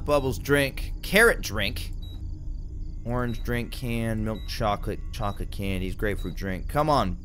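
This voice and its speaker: A young man giving let's play commentary, excitable and easily startled, talking to himself as he plays. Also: mid-range voice. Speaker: gamer.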